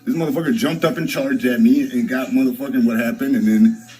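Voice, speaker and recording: A man's voice: medium pitch, steady tone, fairly quick, mellow, faint music behind, rough recording. A young man streaming, telling a story in a rambling, profane way, full of restarts and fillers. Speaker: live streamer.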